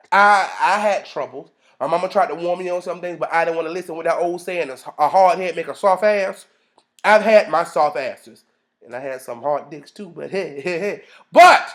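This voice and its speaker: A man in his thirties ranting casually as a vlogger, sassy and profane, acting out quotes in a high voice. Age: 30s.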